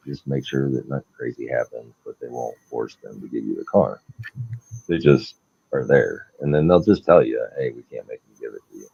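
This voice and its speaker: A man co-hosting a podcast, telling stories in a casual, animated way and acting out the people in them. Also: rumbling low, gravelly, husky, no room sound. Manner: animated anecdote-telling, acting out quoted people, laughs often. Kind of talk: casual storytelling chat. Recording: dull lo-fi dry sound.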